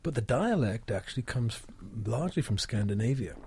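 A man from northeast England, a composer guest in an interview, explaining things in a measured way with dry humor. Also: mid-range voice, very animated, creaky, darkish tone, breathy edge. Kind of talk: casual interview chat.

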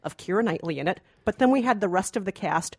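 A woman's voice: medium pitch, expressive, quick pace, slightly rough, dry recording, studio quality. Wry opinionated female podcast critic. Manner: wry, opinionated, dryly sarcastic. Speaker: film critic podcast co-host. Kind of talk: casual movie review chat.

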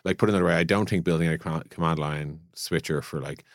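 A man talks quickly in a low voice, chatting through ideas on a podcast. He circles his points with fillers and restarts. The sound is dry and close. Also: no echo. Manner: thinks aloud with many "like" fillers and restarts. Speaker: podcast co-host, product leader. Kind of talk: casual conversational podcast chat.

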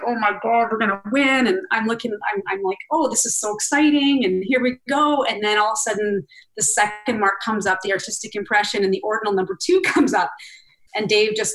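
A woman's voice: medium pitch, echoey room, rough recording. A middle-aged woman guest telling a personal story in an interview, acting out what she and others said. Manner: animated, quotes herself and others in lively asides.

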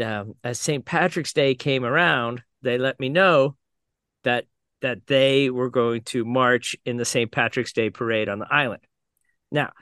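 A man in his twenties or thirties tells a podcast anecdote with lively energy, slipping into voices for the people he describes. His tone is bright and forward, recorded close and dry. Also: medium pitch, no echo. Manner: animated, mimics voices in the story. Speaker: podcast host. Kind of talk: storytelling anecdote.

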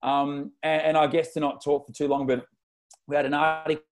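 Excitable young Australian man telling stories. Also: a little high, fairly quick. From Melbourne, Australia. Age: 20s. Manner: excitable, slangy, tells stories with lots of retold dialogue. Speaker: podcast guest. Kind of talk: casual interview storytelling.

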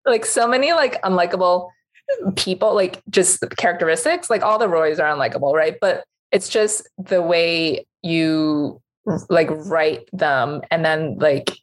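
A woman co-hosting a casual film awards podcast, talking in quick bursts with many filler words and frequent laughter. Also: on the low side. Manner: animated, quick, filler-heavy, laughs often. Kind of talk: casual chat.

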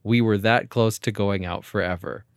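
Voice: sits low, fairly even intonation, smooth, no echo, studio quality. A co-host in a casual movie discussion, joking and riffing with frequent laughter. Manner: laughing, jokey and quick to riff. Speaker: podcast co-host.

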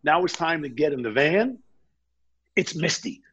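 A man telling a long anecdote in a casual chat, animated and often quoting the people in his story. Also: a little high, unhurried, husky, highs cut off. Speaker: guest.

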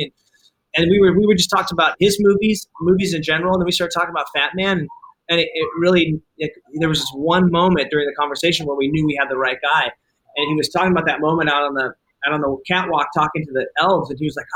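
Fast-talking, bright-voiced man telling a story. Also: fairly high pitch, rough recording. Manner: fast, animated storyteller acting out quotes. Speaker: film director, guest. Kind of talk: casual interview storytelling.

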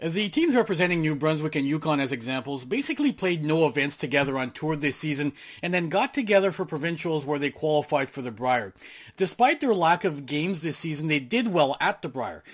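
A man with a slightly higher voice reads out long, formal questions to his guest. His phrasing sounds prepared and measured, as if written out in advance. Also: expressive. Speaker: interviewer.

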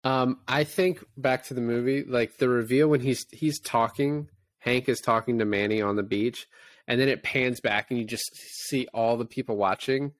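A man co-hosting a casual movie podcast, retelling scenes with lively quoted voices and laughter. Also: medium pitch, normal speed, no echo. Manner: animated storytelling, acts out scenes in quoted voices. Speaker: podcast co-host.

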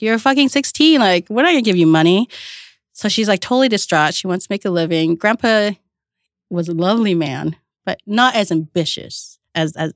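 A woman's voice: lowish voice, no room sound, studio quality. A woman from Vietnam, a chef and restaurant owner, telling stories in a casual interview, acting out quotes and swearing freely. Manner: lively anecdotal, acts out quotes, casual swearing.

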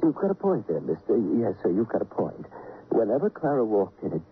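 A man's voice: lowish voice, fairly quick, slight background noise. An actor playing a wistful, lonely bookseller who muses about a woman he admired, in a 1950s radio drama. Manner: musing, wistful, lively ups and downs. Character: wistful lonely middle-aged bookseller man. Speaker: lending library keeper. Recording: tinny old radio broadcast.

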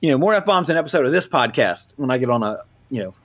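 A man's voice: medium pitch, expressive, fast, a bit bright. A man from Louisiana, hosting a movie podcast in loose casual chat, full of fillers and self-corrections. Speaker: podcast host.

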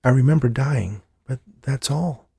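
A male narrator voicing the ghost of a woman, speaking softly and reassuringly. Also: medium pitch, unhurried, vocal fry, slightly rough, no echo, clean studio sound, pitched above the performer's own voice, heavily acted. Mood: gentle. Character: ghost of a woman, gentle and lost.

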